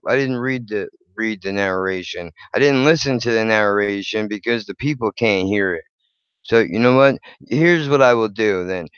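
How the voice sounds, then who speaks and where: Male reaction host, blunt and profane, sarcastic; smooth, clear voice at an unhurried pace. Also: medium pitch, fairly bright tone, dry recording, dull audio. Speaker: channel host. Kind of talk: reaction commentary on videos.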